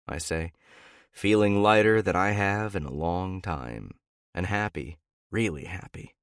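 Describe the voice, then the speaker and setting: A man narrating a romance audiobook in first person with an expressive, dramatic delivery. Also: low voice, a little slow, clean tone, no room sound, studio quality.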